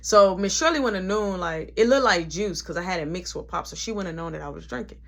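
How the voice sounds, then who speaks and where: A man telling a casual storytime story, animated and conversational, with frequent asides. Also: sits high, quick pace, vocal fry.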